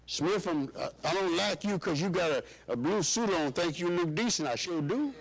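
A man's voice: lively intonation, normal speed, hardly any pauses, low-quality recording. A man preaching a sermon to his church, calling out questions for the congregation to answer. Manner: call-and-response preaching, rising and dropping pitch.

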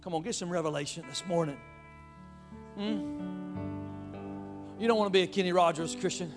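A man preaches in a high, lifted voice, calling out to the congregation and slipping into playful asides. Soft music plays faintly behind him. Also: normal speed. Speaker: pastor. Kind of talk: sermon.

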